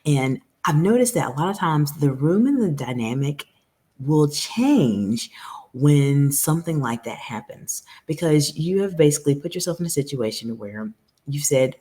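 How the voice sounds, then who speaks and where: A woman's voice: low voice, expressive, normal speed, warm tone. A woman coaching professional women on communication, speaking straight to her viewers in an earnest, advisory way. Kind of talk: direct-to-camera coaching talk.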